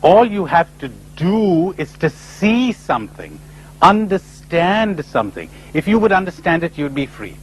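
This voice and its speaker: A man giving a lively spiritual conference talk, full of rhetorical questions and acted-out voices, on an old tape recording. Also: high-pitched, measured pace, slight background noise, poor audio. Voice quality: animated, rhetorical, acting out imagined voices. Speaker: speaker at a spiritual retreat conference.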